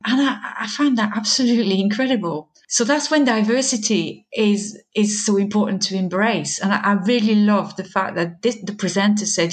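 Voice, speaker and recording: A woman's voice: mid-range voice, moderate pace, hardly any pauses. A middle-aged woman educator speaking as an interview guest, thoughtful and hesitant, with many fillers and restarts. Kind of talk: conversational interview.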